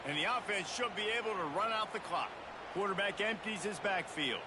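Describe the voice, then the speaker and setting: A man calling football play-by-play in brisk, clipped calls. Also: sits high, noisy background. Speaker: play-by-play announcer.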